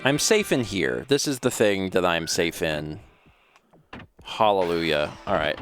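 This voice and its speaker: A man's voice: low-pitched, very animated, a little slow, fairly bright tone, a little hiss or hum. Chatty man streaming a game. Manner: chatty, talks to himself while playing. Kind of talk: casual gameplay commentary.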